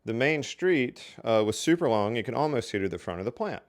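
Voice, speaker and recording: A man's voice: mid-range voice, expressive, brisk. An older man telling casual stories from his working life in a folksy, chatty way. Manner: folksy and chatty, with lots of "so anyway" and "you know". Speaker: storyteller. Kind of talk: casual storytelling.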